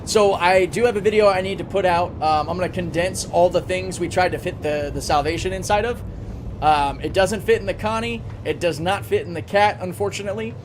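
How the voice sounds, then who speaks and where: A man's voice: high voice, a little fast, noisy background. A man live-streaming a game, chatting casually, thinking aloud and answering chat, with a recurring cough.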